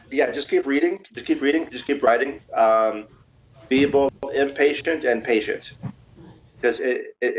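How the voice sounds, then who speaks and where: A man being interviewed as an author, talking in a relaxed, chatty way with self-mocking humor. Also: lowish voice. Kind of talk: casual interview answers. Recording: dull lo-fi recording.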